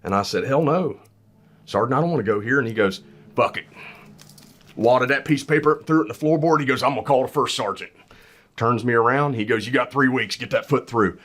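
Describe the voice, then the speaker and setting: A man's voice: mid-range voice, a little fast, a bit bright. A man co-hosting a podcast, earnestly reminiscing in folksy, casual storytelling. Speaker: podcast co-host.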